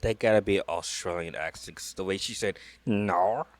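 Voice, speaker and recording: A man with a lowish voice talks through a reaction video in loose, casual chat. He rambles, circles back, and leans heavily on fillers as he thinks out loud. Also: fast talker. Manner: rambling, with many fillers and laughs.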